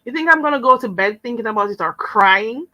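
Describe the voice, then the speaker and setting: Sharp-voiced indignant woman streamer. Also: a little high, lively intonation, quick pace, no room sound, rough recording. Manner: indignant, sarcastic, mocking mimicry. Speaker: channel host. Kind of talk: live-stream rant to viewers.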